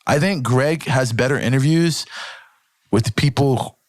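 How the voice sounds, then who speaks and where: A man talking casually on a podcast as a guest, an animated storyteller who swears freely, fills his talk with "like" and "right", and lifts his voice to act out quoted speech. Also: mid-range voice, measured pace, dry recording. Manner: acts out quoted speech in a livelier voice. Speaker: podcast guest, jiu-jitsu athlete.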